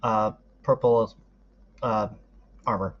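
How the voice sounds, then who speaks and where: A man introducing his character as a player in a tabletop game, speaking haltingly. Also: fairly low pitch, fairly even intonation. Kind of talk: casual chat. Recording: dull lo-fi sound.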